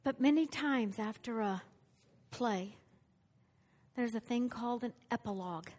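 A woman preaching in an animated storytelling way, often turning to ask her listeners questions. Her voice sits high and has a husky, breathy edge. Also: measured pace. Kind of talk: sermon.

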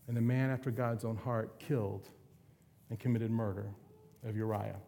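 A man's voice: fairly low pitch, fairly even intonation, moderate pace, gravelly, mellow. A man preaching a sermon, retelling a story in a casual, conversational way. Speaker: pastor.

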